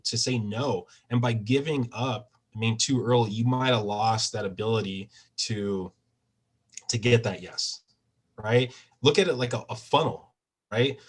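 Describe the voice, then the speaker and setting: A man's voice: mid-range voice, husky, rough recording. A man giving a casual real estate training talk over a video call, often checking in with tag questions.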